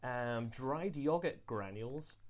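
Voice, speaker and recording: A man's voice: medium pitch, lively intonation. Easygoing male podcast host. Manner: easygoing, quick back-channel replies. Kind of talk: casual podcast chat.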